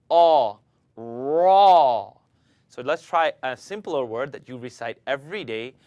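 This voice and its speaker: A man teaching Quran recitation, calmly demonstrating letter sounds and asking students to repeat after him. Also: a little high, no room sound. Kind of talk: pronunciation lesson.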